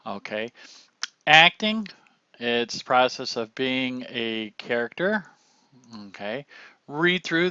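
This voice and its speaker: Older male teacher, slow explanatory delivery, bright tone, dull lo-fi sound. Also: mid-range voice, no room sound. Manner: slow, explanatory, acts out lines to demonstrate delivery. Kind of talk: classroom lecture on acting.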